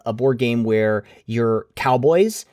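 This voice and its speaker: A man hosts a podcast, chatting casually and rambling excitedly from one thought to the next. His voice sits in an ordinary middle pitch. The sound is dry and close, with no room echo. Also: a little slow.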